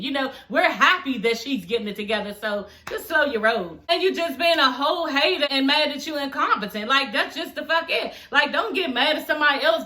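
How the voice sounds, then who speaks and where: High bright-voiced woman reviewing TV. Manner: blunt, profane, chatty; addresses viewers as y'all. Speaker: TV show reviewer. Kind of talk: casual review vlog.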